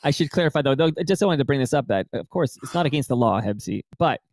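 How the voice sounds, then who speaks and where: A man's voice: mid-range voice, animated, quick pace, no echo. A man co-hosting a sports podcast, teasing the host and laughing in casual back-and-forth chat.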